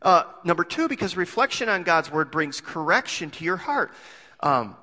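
A man's voice: on the high side, sing-song, moderate pace, sharp tone, long reverb tail. A male pastor preaching a sermon in a conversational way, full of rhetorical questions and homely jokes.

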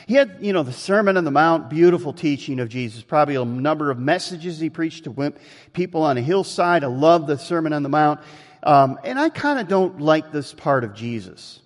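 A man preaching a sermon and telling a story with lively, animated delivery. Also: moderate pace, in a large hall. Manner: animated storytelling, jumps in pitch. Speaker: pastor.

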